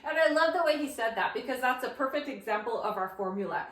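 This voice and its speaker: A woman's voice: a little high, lively intonation, fast, a bit bright. A woman co-hosting a casual talk, expressively retelling past conversations. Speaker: co-host. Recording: echoey room.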